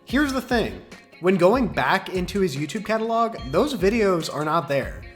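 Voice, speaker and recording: Playful young man, slightly high voice. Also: very animated, normal speed, faint music behind. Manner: playful, joking, laughs often. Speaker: video commentator. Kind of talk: casual reaction commentary.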